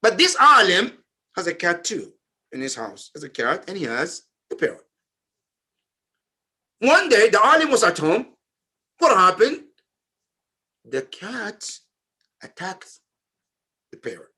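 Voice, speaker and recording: A man preaching at a slow, deliberate pace, his voice bright and slightly high. He tells a story in sermon style, rising to loud, emphatic phrases and then sinking to hushed, low ones. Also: big pitch swings, breathy edge. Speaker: speaker at a memorial majlis. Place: community center.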